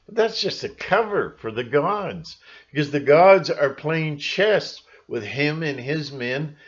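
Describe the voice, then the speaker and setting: In dull audio, a channel host speaks slowly and animatedly in a voice on the high side. His monologue to camera for his viewers is rambling and emphatic, full of restarts and asides.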